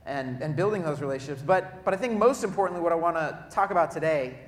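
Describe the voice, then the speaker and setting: A man preaching a sermon to a congregation in a church auditorium, telling lively stories and turning to the crowd with asides. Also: fairly high pitch, fast talker. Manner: lively storytelling with audience asides, loud bursts when acting out cheering. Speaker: pastor. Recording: echoey hall.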